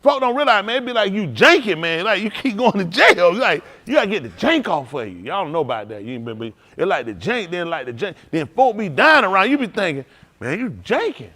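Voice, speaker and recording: A man preaching at a congregational service with a raised voice that leaps widely in pitch. He delivers an informal testimony-style sermon, animated and quick to laugh. He speaks directly and frankly to the people in front of him. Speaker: pastor. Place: synagogue service.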